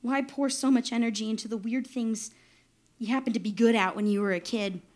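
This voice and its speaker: A New York woman in her thirties shares a story from her own life in a high, slightly mellow voice with fairly even intonation. Her delivery is brisk, wry and self-deprecating, and laughter keeps slipping in between her lines.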